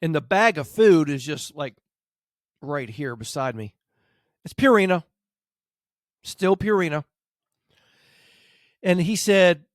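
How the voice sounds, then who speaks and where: A man's voice: on the high side, slow, pauses often, dry recording, clean studio sound. A man who trains dogs, hosting a podcast and telling a casual story, acting out what people said. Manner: animated anecdote, acts out quotes. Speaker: dog trainer, podcast host.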